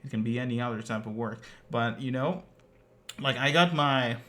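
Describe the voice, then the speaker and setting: A man's voice: mid-range voice, moderate pace, a bit bright. A man streamer telling a casual story as a rant, rambling with lots of "like" and some swearing. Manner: rambling, swears, many "like" fillers.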